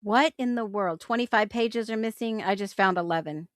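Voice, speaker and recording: A woman's voice: mid-range voice, moderate pace, dry recording, studio quality. A woman hosting a talk show, thinking aloud in casual commentary and reacting with incredulous exclamations. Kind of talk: casual commentary on case documents.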